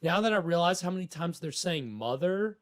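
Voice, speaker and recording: A man's voice: fairly high pitch, lively intonation, brisk. A man hosting a livestream, chatting casually about an old movie in a rambling, playful way, laughing often. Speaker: livestream host.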